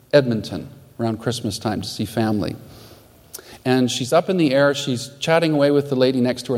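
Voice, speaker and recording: A male pastor delivers an earnest sermon at an ordinary middle pitch. His voice rings out with a long hall reverb behind it. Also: a little mellow. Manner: earnest storytelling preacher.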